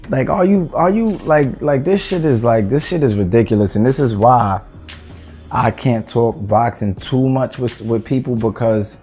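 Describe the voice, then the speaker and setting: A man's voice: lowish voice, dark tone. Exasperated man ranting, heavy profanity. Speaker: boxing commentator. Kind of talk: ranting opinion vlog.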